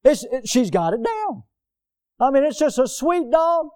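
A pastor preaching with lots of movement and homespun stories. His voice sits high for a man but sounds soft and mellow. He delivers his sermon from a church pulpit. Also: a little slow. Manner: animated, moves around the pulpit, folksy storytelling. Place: church sanctuary.

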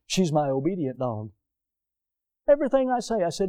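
A pastor preaching with lots of movement and homespun stories. His voice sits high for a man but sounds soft and mellow. He delivers his sermon from a church pulpit. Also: a little fast. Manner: animated, moves around the pulpit, folksy storytelling. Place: church sanctuary.

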